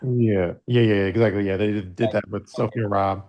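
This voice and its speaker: A man's voice: fairly low pitch, steady tone, a little fast, muffled recording. A man co-hosting a casual podcast recap, laid-back and talking with many fillers. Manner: laid-back, recounting his own posts with many fillers. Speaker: podcast co-host.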